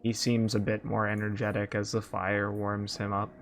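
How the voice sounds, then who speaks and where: A man narrating as game master of a tabletop game over an online call, relaxed and unhurried. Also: lowish voice. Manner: relaxed, unhurried, laughing asides. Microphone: home mic on an online call. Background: background music.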